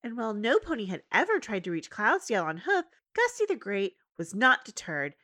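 A woman in her thirties, recapping a cartoon episode in casual chat and acting out the characters' lines. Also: a little fast. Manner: animated, acts out characters' lines in a high voice. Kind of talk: casual chat, retelling with voiced quotes.

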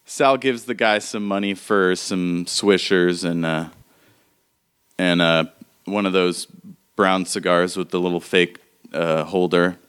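A man's voice: deep voice, steady tone, takes it slowly, a bit bright, clean tone. A man narrating as game master in a tabletop game, loose and casual. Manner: loose, casual, laughing often.

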